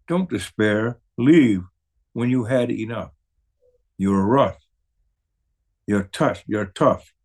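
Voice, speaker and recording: Male reader for a solemn poem, very slow, unhurried, weighty delivery. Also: on the low side, vocal fry, a little mellow, breathy edge. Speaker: poetry reader. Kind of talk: slow solemn poetry recitation.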